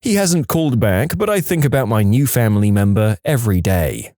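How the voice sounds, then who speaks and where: A man narrating reddit stories in an expressive, scripted way. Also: fairly low pitch, fairly quick, no echo, clean studio sound.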